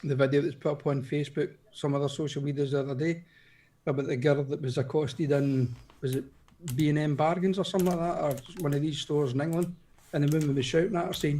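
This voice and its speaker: Stumbling Scottish man in casual chat. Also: fairly high pitch. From Scotland. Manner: animated, stumbling restarts. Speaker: guest.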